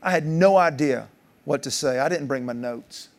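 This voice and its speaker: A man in his forties tells stories from the stage of a conference keynote. His voice sits a little high and leaps even higher for punchlines, with an easy, jokey storytelling manner. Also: normal speed. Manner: animated, jokey storyteller, pitch jumping up for punchlines. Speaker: keynote speaker. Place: large conference hall.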